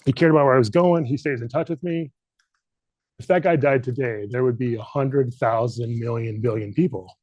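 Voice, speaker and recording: A man's voice: mid-range voice, moderate pace, a little mellow, breathy edge, no echo. A middle-aged man leading a leadership workshop, speaking earnestly and candidly, fighting back tears. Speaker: leadership trainer. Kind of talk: emotional workshop talk. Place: training room.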